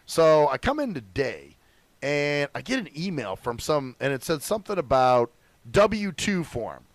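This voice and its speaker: Animated, profane young man telling stories. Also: a little high, unhurried, no echo. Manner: profane, animated storytelling with acted quotes. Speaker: radio show host. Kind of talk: casual chat.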